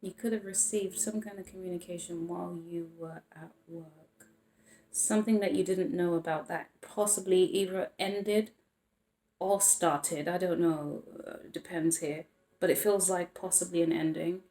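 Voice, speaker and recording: A woman's voice: lowish voice, steady tone, normal speed, dark tone. A woman giving a casual tarot reading, rambling and breaking off mid-thought with frequent small laughs. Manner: rambling, self-interrupting, laughs often. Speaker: tarot reader. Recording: roomy echo.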